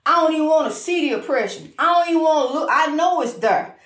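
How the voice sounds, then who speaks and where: High-voiced woman preaching, calling you honey. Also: reverberant. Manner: repetitive, emphatic, calls the listener honey; talks fast when excited. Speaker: inspirational speaker. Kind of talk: informal preaching monologue.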